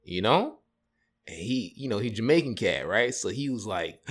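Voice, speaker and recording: A man hosting a casual storytelling podcast, slangy and animated, jumping in and out of voices. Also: lowish voice, normal speed. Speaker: podcast host.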